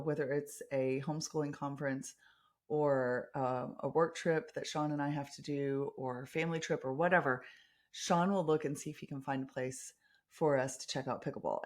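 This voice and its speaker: American woman podcaster, low voice, chatty and upbeat, lots of ums. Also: darkish tone. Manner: chatty, enthusiastic storytelling with frequent ums and restarts. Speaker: podcast host. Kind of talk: casual chat.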